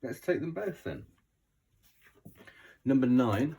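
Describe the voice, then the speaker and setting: A British man with a croaky voice, rambling and chuckling as he gives a casual oracle card reading. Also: medium pitch, expressive, slow pace, dark tone, a little hiss or hum. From Britain. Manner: rambling, chuckling between thoughts.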